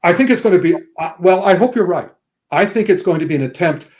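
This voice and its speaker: Older male regular guest, chatty film storyteller, voice a bit on the high side. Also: quick pace. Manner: animated storyteller, acts out quotes in different voices. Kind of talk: casual podcast chat.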